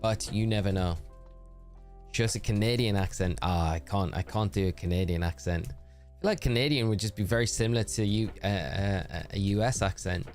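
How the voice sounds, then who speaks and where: A man's voice: lowish voice, normal speed, soft background music. Upbeat man chatting on stream. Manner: chatty and upbeat, thanking viewers by name. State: tired voice. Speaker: gaming live streamer. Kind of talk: casual live-stream chat while gaming.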